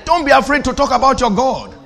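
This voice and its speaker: A man preacher delivering a fervent sermon, asking the audience questions and building to shouted declarations. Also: very high voice, very animated, quick pace, vocal fry. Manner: teasing, asks the audience questions.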